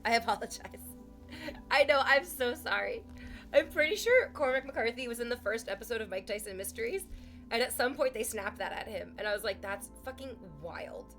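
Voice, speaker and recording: A woman's voice: fairly high pitch, a little fast, fairly bright tone, faint music behind. Sarcastic, playful woman streamer. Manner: sarcastic, swearing, playful teasing. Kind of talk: casual chat with stream viewers. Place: home.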